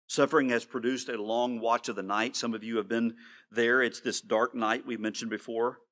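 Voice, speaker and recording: A male pastor delivering a sermon in an earnest way, slowing down to stress his words and now and then repeating himself. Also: mid-range voice, a bit bright.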